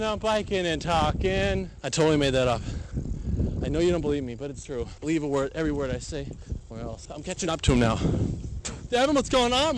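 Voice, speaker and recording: A man's voice: on the high side, very animated, moderate pace. A young man co-hosting, rambling goofily as he narrates his bike ride live into a handheld mic outdoors. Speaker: co-host. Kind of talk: casual chat while biking. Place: outdoors on city streets and bike paths. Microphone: handheld mic carried on a bike. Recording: loud outdoor wind noise. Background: loud wind and traffic noise.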